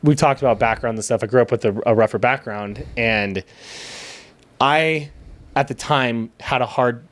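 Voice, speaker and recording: A candid man speaking as a podcast guest, retelling events in casual chat and voicing the people he quotes. He swears freely and keeps a mid-range pitch. The sound is dry and close. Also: normal speed, fairly bright tone, dry recording. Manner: candid storytelling, swears, acts out quoted dialogue.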